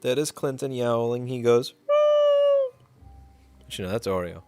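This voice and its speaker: A man's voice: mid-range voice, fast, a little mellow. A man chatting casually on a livestream in a rambling way, reading chat and cooing at his cat.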